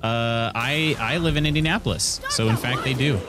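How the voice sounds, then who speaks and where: A man's voice: mid-range voice, moderate pace, music in the background. A man from central Illinois giving casual live commentary while streaming a game, thinking aloud and greeting his chat. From central Illinois, USA.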